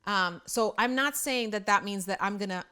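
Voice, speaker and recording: A middle-aged woman hosting a parenting show, talking casually and bluntly straight to the camera, quick to poke fun at herself. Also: mid-range voice, bright, forceful tone, smooth. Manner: blunt, self-deprecating, chatty. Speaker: parenting host.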